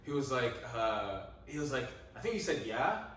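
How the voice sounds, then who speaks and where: A young man co-hosting a podcast, telling a story in a lively, laughing way, swearing freely and acting out his own lines. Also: mid-range voice, moderate pace. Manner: animated, laughing, swears freely, quotes himself. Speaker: podcast co-host. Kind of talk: casual storytelling chat. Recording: echoey room, mic at a distance.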